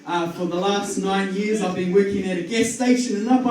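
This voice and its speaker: A high-voiced man with a New Zealand accent does a stand-up set, nervous and rambling, full of ums, restarts and giggles at his own jokes. He sounds distant from the mic in a very echoey room. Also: a little fast, a little mellow. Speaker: stand-up comedian. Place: comedy club stage with audience.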